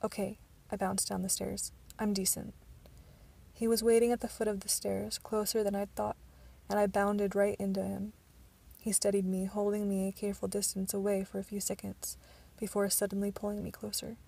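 A woman's voice: medium pitch, monotone, a little fast, vocal fry, hardly any pauses, warm tone, breathy edge. A woman narrating an amateur audiobook reading, stumbling at times with restarts.

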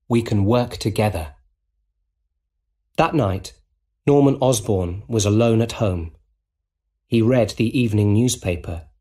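A man reading a simple storybook in slow, deliberate narration for English learners. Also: on the low side, warm tone, husky. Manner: plain and deliberate.

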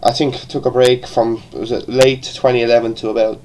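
A man's voice: medium pitch, little pitch movement, brisk, darkish tone, poor audio. An Irish-accented man talks through a review in an easy, unscripted way. He trips over his words and starts sentences again, with a casual curse here and there. His voice sits in an ordinary middle register. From born in England, raised partly in Ireland. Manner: rambling, with frequent restarts and casual swearing. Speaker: wrestling show reviewer.

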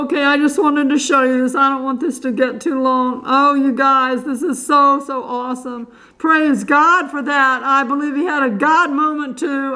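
An older woman speaks casually to her online audience. Her voice sits high, and her talk is fervent and full of exclaimed praise. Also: pushed and bright. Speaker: Christian video blogger. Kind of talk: casual chat to camera.

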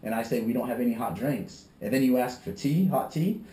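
Fast-talking man telling rambling stories. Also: mid-range voice, warm tone. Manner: rambling, acts out customers in quick quotes. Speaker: restaurant owner, podcast guest. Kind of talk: casual storytelling. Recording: roomy echo.

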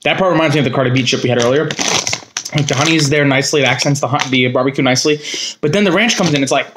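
A man's voice: medium pitch, racing, background noise. A man casually reviewing chips in a vlog, talking in a blunt, rambling, jokey way. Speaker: snack reviewer.

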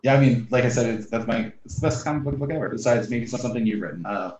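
A man hosting a casual interview from his home office, enthusiastic and quick to affirm his guest. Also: medium pitch, a little mellow. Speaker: host. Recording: echoey, distant, lo-fi home office audio.

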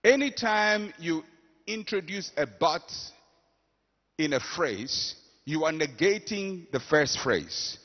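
A man preaches with a high, lively voice that swings widely as he acts out quotes and calls on the congregation to respond. He speaks slowly and emphatically, and his sermon rings with long reverb in a church hall. The recording is muffled and dull. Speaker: pastor.

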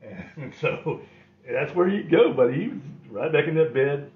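A man's voice: a little high, lively intonation, measured pace. Wry middle-aged guy rambling through old stories, chuckles a lot, roomy slightly dull sound. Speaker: host. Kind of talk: casual storytelling.

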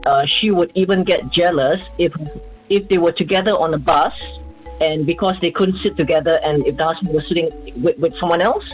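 Female guest, measured storytelling, faint music under the voice. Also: fairly low pitch, poor audio. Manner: measured storytelling, frequent short affirmations. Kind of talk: casual chat.

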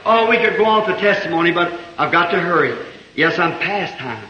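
A man preaching a sermon, acting out dramatic quotes and rising to shouted climaxes. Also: high voice, animated, a little fast, crowd noise. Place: church service with congregation. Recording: dull echoey old church recording.

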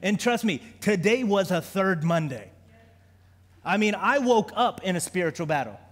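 A man preaches in a church, his voice sitting unusually high for a man. He talks conversationally, stumbling and restarting words, then climbs into fervent prayer. Long reverb trails off every phrase in the sanctuary. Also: sing-song, moderate pace. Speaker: pastor. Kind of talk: sermon.

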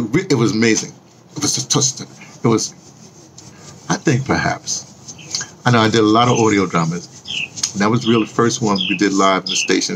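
A man's voice: medium pitch, a bit bright, a little hiss or hum. A man talking casually to viewers in a rambling monologue, restarting sentences often and teasing them with questions. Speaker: vlogger and audio drama producer.

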